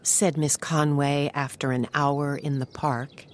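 Deep-voiced woman narrating slowly. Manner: slow and clear, expressive. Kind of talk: scripted narration for English learners.

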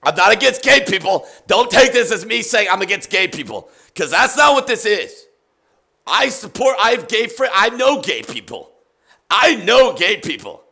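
A man streaming a mock ASMR painting show, talking in hushed, soft-spoken patter that breaks into shouting rants. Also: high voice, big pitch swings, normal speed, vocal fry.

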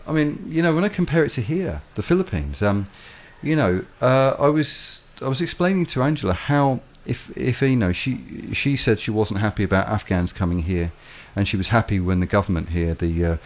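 Low-voiced man, rambling chat. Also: normal speed, few pauses. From London, England. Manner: rambling, animated storytelling with laughs. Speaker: co-host. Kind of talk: casual chat. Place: home in the Philippines.

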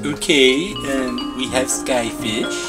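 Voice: mid-range voice, slow pace, loud music behind the voice, lightly acted. A performer voicing a bossy, childish overseer figure who calls itself a bee, ordering builders about in whiny, broken-grammar comedy machinima lines. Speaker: boss directing the builders.

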